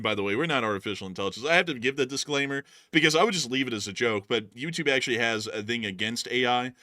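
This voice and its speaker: Man, livestream host, casual chat, bright ringing voice, very dry sound. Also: mid-range voice, fast, hardly any pauses, dry recording. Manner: animated, laughs loudly, drawls "y'all".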